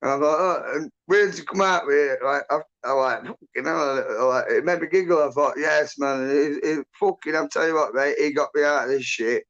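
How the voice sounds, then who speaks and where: A rough, gravelly man tells a rambling story, cursing in nearly every line. His voice sits a bit high for a man. The audio is muffled and lo-fi. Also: fairly quick, few pauses, a bit bright. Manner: sweary, rambling, agitated. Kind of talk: casual chat, storytelling.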